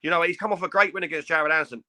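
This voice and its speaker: Bright fast-talking fed-up man. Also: on the high side, fairly even intonation. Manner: fed-up, stammering restarts, swearing. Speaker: podcast co-host. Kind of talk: casual boxing chat.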